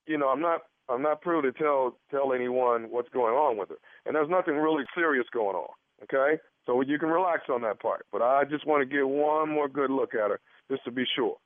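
A man's voice: medium pitch, fairly quick, few pauses, no echo, close to an everyday voice. An awkward, stammering gynecologist, as a man puts him on keeps tripping over his words. The voice sits in an ordinary middle register. It comes through a thin, tinny phone line with no room sound. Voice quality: stammering, hesitant. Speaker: prank caller.

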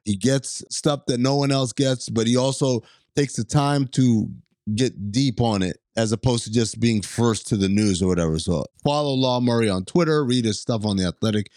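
A man co-hosting a casual sports podcast, emphatic and animated. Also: medium pitch, moderate pace, dry recording, clean studio sound. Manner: animated, emphatic, breaks into voices. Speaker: podcast co-host.

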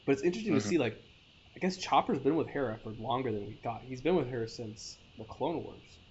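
A man's voice: medium pitch, expressive. Eager man, stumbling restarts. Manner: enthusiastic, halting with many restarts. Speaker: podcast co-host. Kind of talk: casual chat. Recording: dull lo-fi sound with faint noise.

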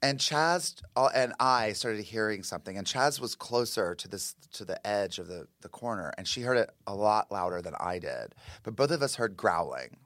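A man's voice: on the low side, normal speed, hardly any pauses, dry recording, studio quality. Chatty man telling a story on a podcast. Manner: animated, chatty, lots of "like" and restarts. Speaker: podcast guest, comedian and actor. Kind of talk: casual storytelling chat.

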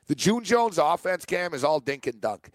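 Brash sports radio co-host, a man with a slightly high voice, dry close mic, opinionated betting talk. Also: very animated, moderate pace, no room sound. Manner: brash, opinionated, talks over his co-host. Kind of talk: casual sports betting chat.

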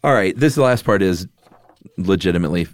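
Male podcast co-host, very low pitch, dry close mic, playful and chatty. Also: animated, a little fast, no room sound. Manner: jokey, laughs often, reads from notes. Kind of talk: casual podcast chat.

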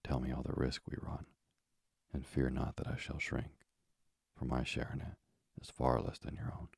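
A man voicing a firm, devoted young wife, speaking calmly in a hushed, whispery voice. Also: a bass voice, moderate pace, vocal fry, breathy edge, dry recording, clean studio sound, full character voice.

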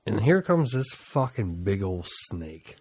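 A man's voice: lowish voice, sing-song, takes it slowly, darkish tone, slight background noise. A man, an army veteran, recalling a war story in laid-back, profane talk among friends.

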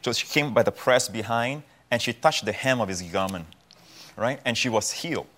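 A man's voice: mid-range voice, animated, moderate pace, fairly bright tone. A man teaching from the Bible as a guest on a talk show, earnest and repeating phrases for emphasis. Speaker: guest preacher.

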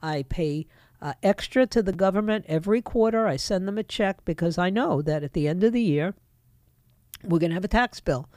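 A woman's voice: fairly low pitch, brisk, darkish tone, no room sound, clean studio sound. A middle-aged woman hosting a political talk radio show, opinionated and emphatic, talking straight to her listeners.

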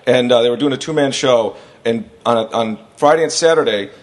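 A man hosts a podcast, chatting casually and storytelling at a fairly quick clip in a mid-range voice. His telling is loose and rambling, and he animatedly performs the quotes of the people he mentions.

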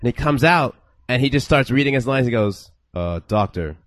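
Fast-talking rambling podcast man. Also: medium pitch, a bit bright, no room sound. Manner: rambling, profane, heavy use of "like". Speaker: podcast co-host. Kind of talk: casual chat, storytelling.

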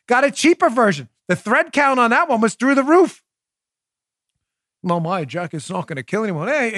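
A man with a fairly high voice delivers a forceful, combative monologue as a show host. He drags out key phrases for emphasis. The sound is dry and close on a studio mic. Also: no room sound. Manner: emphatic, combative, drawn-out punchlines. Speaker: podcast host. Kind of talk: opinionated monologue.

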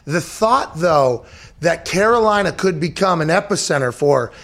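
A man hosting a sports podcast, talking fast in animated, joking banter. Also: fairly high pitch. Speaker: podcast host. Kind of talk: casual sports talk.

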